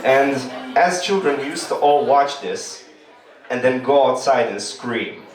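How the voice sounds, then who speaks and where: A man's voice: medium pitch, lively intonation, measured pace. Man doing stand-up, echoey and distant. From Romania. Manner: loose, rambling storytelling. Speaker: stand-up comedian. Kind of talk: stand-up comedy. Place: comedy club stage, indoors. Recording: echoey room, distant mic.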